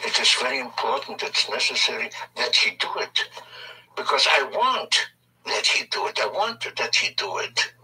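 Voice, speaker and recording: A man gives a recorded language lesson, speaking slowly and with lively rises and falls in his pitch. His voice is bright and thin, quite husky, and sits away from the microphone on an old tape. He explains patiently and repeats key phrases for emphasis. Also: recorded from a distance, rough recording. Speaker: language teacher.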